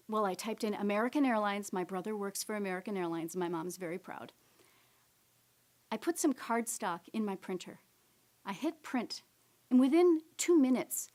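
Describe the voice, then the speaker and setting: A middle-aged woman giving a keynote talk, telling a personal story gently and dropping to soft whispers at tender moments. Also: mid-range voice. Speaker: keynote speaker. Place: stage presentation.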